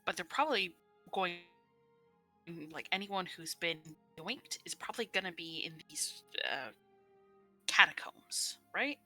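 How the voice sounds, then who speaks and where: Bright, sharp-voiced woman player. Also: lowish voice, animated, soft background music. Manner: quick, giggly, mock-sarcastic. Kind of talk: tabletop role-play chat.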